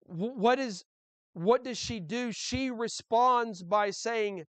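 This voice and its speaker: A man's voice: extremely high pitch, slow, fairly bright tone, dry recording. Male pastor preaching in a dry room. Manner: conversational preaching with many restarts and rhetorical questions. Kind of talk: sermon.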